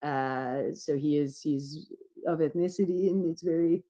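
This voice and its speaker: A woman guest telling a candid story in casual chat, swearing freely and getting animated as she goes. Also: sits low, a little slow, lo-fi sound. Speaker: podcast guest.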